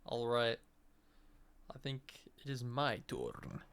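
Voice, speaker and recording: A slow, animated player introduces their tabletop character. The voice is smooth and clear, and it swings widely in pitch. Playful, with sudden loud cheers.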